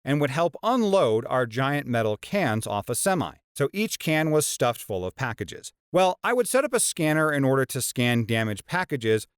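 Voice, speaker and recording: Animated man narrating stories, smooth voice. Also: mid-range voice, moderate pace, few pauses, dry recording, studio quality. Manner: animated, sarcastic asides, playful dramatic emphasis. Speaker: story channel narrator. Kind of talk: reading out internet stories with commentary.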